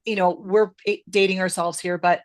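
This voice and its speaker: A woman's voice: lowish voice, steady tone, moderate pace, no echo, clean studio sound. A middle-aged woman hosting a podcast in casual conversation, stressing her words emphatically. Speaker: podcast host.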